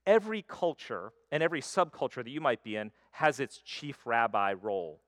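A man preaching a sermon, swinging between loud emphasis and quiet, intimate stretches. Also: medium pitch, very animated, normal speed, no room sound, studio quality. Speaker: pastor.

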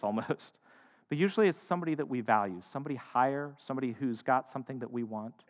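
A man delivering a sermon in a voice of average pitch. He pushes hard on emphatic phrases, then falls to hushed, soft lines. A long reverb hangs on his words, as in a large hall. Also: animated, brisk. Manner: dynamic, swings from loud to hushed. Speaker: pastor.

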